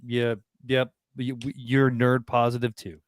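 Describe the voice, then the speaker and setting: A man's voice: medium pitch, monotone, takes it slowly, dry recording, studio quality. A man hosting a casual podcast, laid-back and encouraging toward his co-host.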